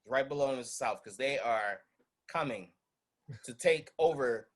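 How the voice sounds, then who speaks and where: A man on a casual podcast panel, arguing his picks in an animated, emphatic way. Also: medium pitch, normal speed. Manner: animated, emphatic, laughs a lot. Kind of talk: casual debate chat.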